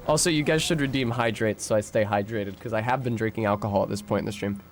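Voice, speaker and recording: A man's voice: on the low side, quick pace, slight background noise. A young American man streaming a game, chatting casually and swearing often while he answers his chat and rambles between fights. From United States.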